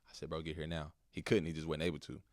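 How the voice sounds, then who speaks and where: Very deep-voiced young Texan man. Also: flat delivery, no room sound, studio quality. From Texas. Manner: soft-spoken, halting, slangy with "bro" and "like". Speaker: podcast guest, basketball player. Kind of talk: emotional personal storytelling.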